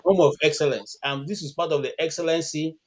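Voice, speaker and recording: A man's voice: a little high, a little fast, a little hiss or hum. A Nigerian man on an online panel call, making a point earnestly with many restarts and fillers. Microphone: video call.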